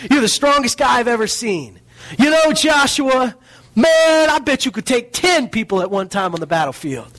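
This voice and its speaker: A gushing old prophet piling on praise, his voice riding high and bright, as a man puts him on in the middle of a sermon. The delivery is fawning and eager, full of buttering-up. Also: normal speed. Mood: flattering. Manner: gushing, flattering. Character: fawning older male prophet flattering a young leader.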